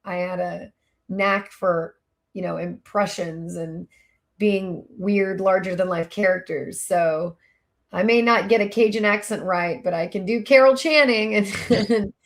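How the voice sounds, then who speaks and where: A woman guest from Louisiana chats easily about herself in a relaxed interview. She keeps turning things into jokes at her own expense and talks at a middle pitch, loose and friendly. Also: measured pace. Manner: chatty, self-deprecating, laughs often. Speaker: guest, voice actor and singer. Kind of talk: casual interview chat.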